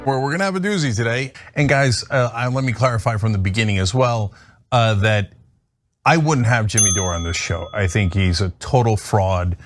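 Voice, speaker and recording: A man's voice: lowish voice, moderate pace, music in the background. A male show host chatting in a dismissive, teasing way. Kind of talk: casual commentary show.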